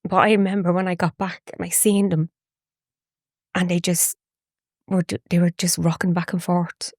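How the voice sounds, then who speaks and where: A woman tells a personal story as a podcast guest. Her voice sits a little low. She speaks haltingly and emotionally, often breaking off and restarting, in a dry, close sound. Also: flat delivery, dry recording.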